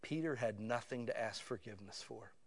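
A man preaching a sermon in a conversational, casual way that swells to loud emotional peaks. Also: mid-range voice, brisk.

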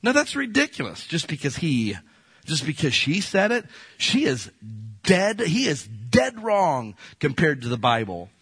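Male pastor preaching, kinda husky, slightly high voice, folksy and lively, acts out little quotes. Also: a little slow, dry recording. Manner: animated, folksy, jumps into playful quoted voices. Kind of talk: sermon.

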